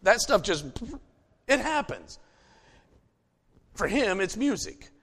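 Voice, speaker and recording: A man's voice: high-pitched, sing-song, slow, a bit bright. A middle-aged man preaching a sermon, emphatic and folksy, telling personal stories to his congregation. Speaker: pastor. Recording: long hall reverb.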